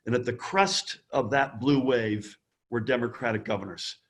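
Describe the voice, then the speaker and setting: Man, political chair, emphatic opening remarks, average pitch, video-call audio. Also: moderate pace, a bit bright. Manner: emphatic, fundraising appeal with repeated calls to action. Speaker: governors association chair. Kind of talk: prepared introductory remarks.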